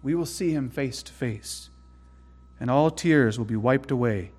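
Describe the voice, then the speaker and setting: A man preaching a sermon in an earnest way, dropping to hushed tones and rising to sudden loud emphasis. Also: medium pitch, measured pace, slightly rough, big-room sound. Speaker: pastor.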